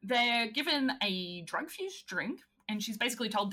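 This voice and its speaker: A woman with a fairly high voice that swings widely up and down as she talks. She recaps film scenes in casual podcast chat, keeping it animated and expressive. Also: normal speed. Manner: animated, laughs often while recounting scenes. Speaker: podcast co-host.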